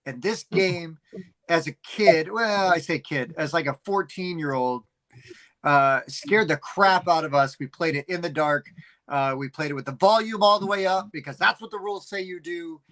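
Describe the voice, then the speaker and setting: Bright, lively middle-aged man chatting. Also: fairly high pitch, normal speed, poor audio. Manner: rambling animated storytelling with many fillers. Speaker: podcast co-host. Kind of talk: casual chat.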